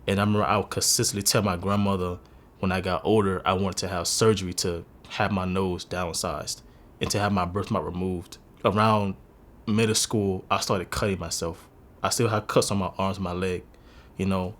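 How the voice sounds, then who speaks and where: Deep-voiced man in his twenties, confessional. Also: flat delivery, normal speed, fairly bright tone. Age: 20s. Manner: earnest, confessional, emotional. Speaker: interviewee sharing a personal story. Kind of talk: candid personal testimony.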